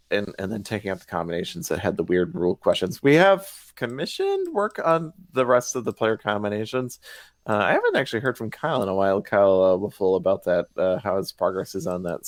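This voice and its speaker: Game designer, male, low voice, rambling Q&A answers, dry close mic. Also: no room sound. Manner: rambling, self-correcting, thinking aloud. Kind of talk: livestream Q&A chat.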